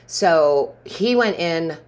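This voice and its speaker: Low-voiced chatty woman reading tarot. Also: expressive, extremely slow. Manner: chatty storyteller, laughs often. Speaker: tarot reader. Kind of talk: casual tarot reading monologue.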